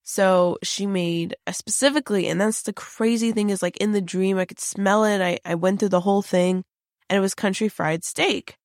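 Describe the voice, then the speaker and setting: A woman's voice: mid-range voice, fairly even intonation, normal speed, a little mellow, no echo, studio quality. A woman, a psychic on a paranormal team, recounting a vivid dream in casual chat, rambling with many fillers and restarts.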